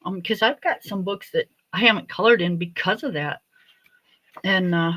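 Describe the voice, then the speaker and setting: A woman hosting a livestream from home, chatting in a meandering, relaxed way. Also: lowish voice, normal speed, low-quality recording. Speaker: livestream host. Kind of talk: casual chat.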